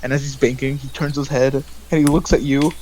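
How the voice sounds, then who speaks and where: A man's voice: mid-range voice, flat delivery, darkish tone. Guy game-mastering, stumbles and restarts a lot, noisy background. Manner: halting, many restarts and fillers. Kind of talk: narrating a tabletop game. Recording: noisy home recording.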